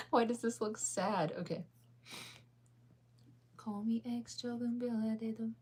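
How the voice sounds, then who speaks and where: A woman's voice: on the high side, fairly even intonation, slow, a little mellow, husky. A sleepy, yawning woman hosting a casual livestream, chatting in a rambling, giggly way as she answers viewers' comments. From United States. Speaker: livestream host.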